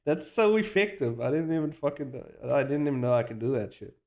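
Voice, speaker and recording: A man chatting casually on a live stream while he animates, excitable and hyping himself up, swearing freely, rambling with restarts and slang. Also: mid-range voice, quick pace. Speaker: animator streaming his work.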